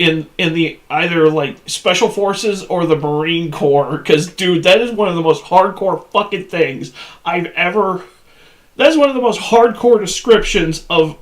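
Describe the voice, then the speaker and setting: A man reacting on a casual stream, excitable and profane. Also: high-pitched.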